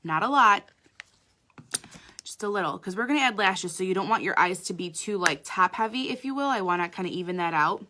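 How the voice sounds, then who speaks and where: Bright, sharp-toned woman, mid-pitched, chatty makeup artist talking viewers through a live tutorial. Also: lively intonation, a little fast. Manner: chatty, talks straight to viewers.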